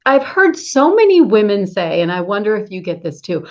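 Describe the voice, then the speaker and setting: A woman's voice: mid-range voice, big pitch swings, moderate pace, hardly any pauses, darkish tone. A woman hosting a casual conversation, speaking candidly and personally and laughing easily. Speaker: host. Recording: dull lo-fi sound.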